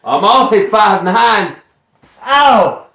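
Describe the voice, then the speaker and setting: A man's voice: medium pitch, measured pace, fairly bright tone. A man with a Southern US accent, chatting casually and jokingly as a DIY vlogger. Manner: playful, jokey, mimics animal calls. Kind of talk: casual vlog chat. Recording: echoey and distant from the mic.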